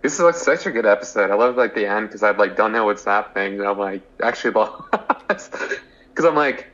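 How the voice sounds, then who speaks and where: A young man with a fairly low voice, chatting casually as a podcast co-host. His talk is loose and full of restarts, and the audio sounds dull and lo-fi. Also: animated, a little fast, fairly bright tone. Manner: loose and conversational, many "like" and restarts. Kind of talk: casual chat.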